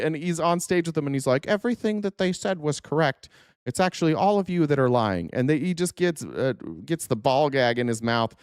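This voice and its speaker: Young male host, mid pitch, bone-dry sound, mocking and profane, laughs through takes. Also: no echo. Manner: sarcastic, profane, laughs often. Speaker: political commentary host. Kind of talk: casual reaction commentary.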